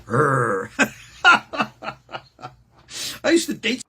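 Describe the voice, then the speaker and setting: Husky and medium in pitch, an older male host speaks at normal speed while joking around in casual conversation. When he gets going, his excitement shows as he repeats words, keeping things playful.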